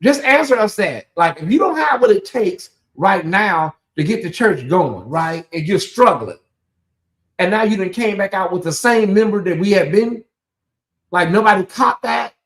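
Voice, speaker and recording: A man hosting a casual late-night livestream, chatting about gossip and talking straight to his viewers in lively asides. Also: high voice, moderate pace. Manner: chatty, addresses viewers directly, animated asides. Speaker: livestream host.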